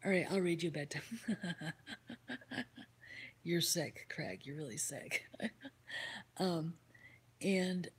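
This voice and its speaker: A woman's voice: on the low side, slow, long pauses, breathy edge. A woman hosting a livestream, casually retelling a story and answering chat, swearing freely and slipping into whispered asides. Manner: reads and answers chat comments. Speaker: livestream host.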